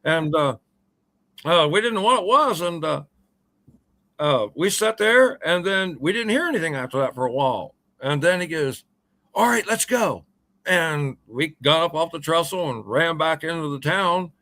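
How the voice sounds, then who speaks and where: A man's voice: a little high, expressive, normal speed, sharp tone. A man in his sixties, a radio show guest, telling a long story in a rambling, folksy way full of uhs and ums. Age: 60s. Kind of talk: casual storytelling.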